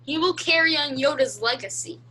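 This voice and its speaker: Young girl, high bright voice, slow, defiant mock-grand retorts, faint hum. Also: animated, low-quality recording. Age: young teen. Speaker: improv camp performer. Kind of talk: improvised comedy scene over video call. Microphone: video call.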